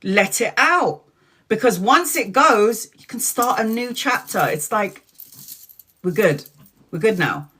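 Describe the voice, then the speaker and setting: A woman's voice: on the high side, lively intonation, takes it slowly, fairly bright tone, husky. A woman hosting a tarot live stream, telling stories casually and bluntly, swearing freely, laughing often and acting out the dialogue.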